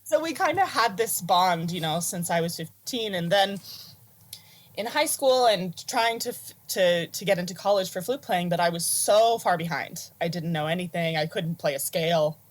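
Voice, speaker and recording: American woman guest on a call, low-pitched, animated and giggly storyteller. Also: moderate pace. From United States. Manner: warm, animated, laughs often. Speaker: interview guest, flutist. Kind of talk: casual conversational storytelling. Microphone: video call.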